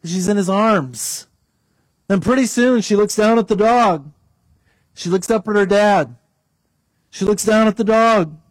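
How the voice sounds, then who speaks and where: A pastor delivers a sermon with a fairly high, expressive voice. The sound is dry and close, with little room around it. He tells stories and prays aloud, pushing his pitch up and down for emphasis. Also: unhurried, long pauses, no room sound.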